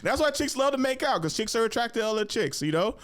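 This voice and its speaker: A man's voice: very high voice, expressive, fast talker, a bit bright. A young adult man, a comedian and host, talking casually and animatedly in a solo monologue, laughing often and putting on voices.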